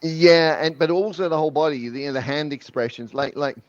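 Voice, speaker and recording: A man's voice: on the high side, steady tone, a little fast, no echo, dull audio. A man guest in a webinar interview, explaining with energy and often repeating words as he talks. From New Zealand. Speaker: guest language expert.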